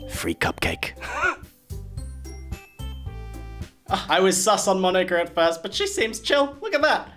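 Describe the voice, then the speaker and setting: A young man streaming a game, reacting with animated, sarcastic, slangy comments and frequent laughter. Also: fairly high pitch. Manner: laughs often. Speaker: gaming streamer. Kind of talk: let's play commentary.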